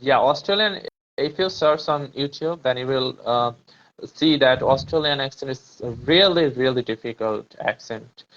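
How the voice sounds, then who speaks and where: A man's voice: medium pitch, normal speed, fairly bright tone. Hesitant man on a muffled call. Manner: hesitant, many fillers and restarts. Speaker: student preparing for an English exam. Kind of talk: casual conversation practice.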